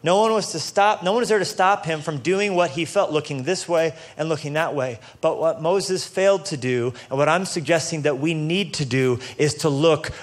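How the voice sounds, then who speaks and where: A man preaching a casual, joking sermon to a church audience, building up to loud, passionate peaks. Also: a little high, normal speed, few pauses. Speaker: pastor. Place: church stage before a live audience.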